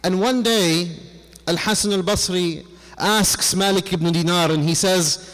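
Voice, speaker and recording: A man's voice: high-pitched, steady tone, unhurried, fairly bright tone. A man delivering a sermon as a story, speaking earnestly and voicing the people in it himself. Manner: earnest, quotes the figures of his story in his own voice. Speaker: preacher. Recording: long reverb of a hall.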